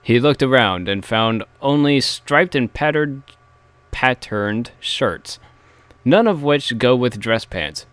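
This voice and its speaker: A man's voice: medium pitch, lively intonation, slow pace, a bit bright, smooth, no echo. Male co-host, playful reader, laughs a lot, dry close-mic sound. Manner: giggly, playful. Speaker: co-host reading a story. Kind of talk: casual comedic reading and commentary.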